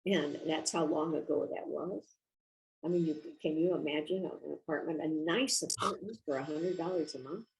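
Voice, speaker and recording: Older woman with a gravelly voice. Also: low-pitched, a little mellow, low-quality recording. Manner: reflective, measured storytelling. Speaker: guest author. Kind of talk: casual interview storytelling.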